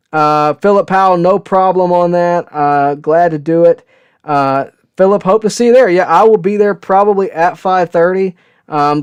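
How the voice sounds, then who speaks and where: A man on a live sports stream, talking loosely and rambling as he answers viewer questions, dropping fillers like "uh" and "okay?" along the way. His voice sits a little high for a man and comes through smooth and clean. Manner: casual, rambling storyteller with frequent "uh" and "okay?". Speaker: sports show host.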